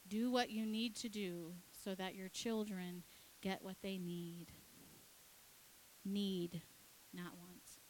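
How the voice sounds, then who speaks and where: A woman's voice: mid-range voice, slight background noise, poor audio. Woman pastor telling a family story. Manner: animated, acts out her kids and herself in quick dialogue. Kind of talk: sermon storytelling.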